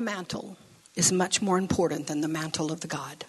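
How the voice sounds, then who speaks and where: A woman's voice: sits low, normal speed, slightly rough. A middle-aged woman pastor preaching a sermon in a church, telling stories casually and building to bold declarations. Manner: animated, conversational storytelling with rising declarations. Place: church sanctuary.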